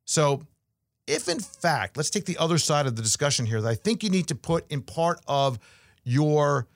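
A man with a slightly higher voice gives a casual market commentary, talking in a loose, conversational way with fillers and the odd story. The sound is dry and close, with no room around it. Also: big pitch swings, moderate pace, no room sound. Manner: conversational, storytelling asides, frequent fillers and restarts.

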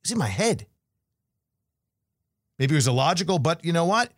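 A man's voice: a little high, big pitch swings, normal speed, dry recording. Dry, close man talking markets. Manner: conversational, storytelling asides, frequent fillers and restarts. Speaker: market commentator. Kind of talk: casual market commentary monologue.

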